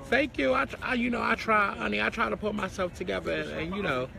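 Out on a noisy, crowded city street, a man live-streams casually from a handheld phone. His voice sits high, quick, and creaky, and his delivery is sassy and dramatic, laced with endearments and curses.

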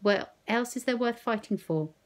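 A woman's voice: on the high side, normal speed, voice pushed up, natural voice. A woman reading a novel aloud, voicing an elderly grandmother who speaks earnestly and coaxingly. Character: elderly grandmother, gentle but firm.

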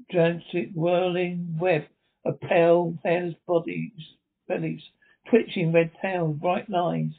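A man's voice: fairly high pitch, gravelly, breathy edge. A man reading a radio drama script aloud, stage directions included, stumbling now and then. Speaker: script reader. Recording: tinny phone-like sound.

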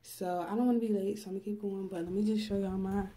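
A woman's voice: mid-range voice, fairly even intonation, fast, mellow. A young woman, vlogging in a casual chat and often addressing her viewers directly. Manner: chatty, laughs often, addresses viewers as y'all.

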